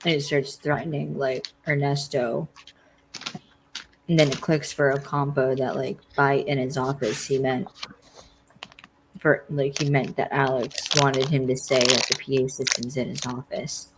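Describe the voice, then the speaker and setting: Podcast co-host, casual episode recap, rambling, lots of fillers, mid pitch, faint noise behind. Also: flat delivery, unhurried. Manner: rambling retelling full of "like" fillers.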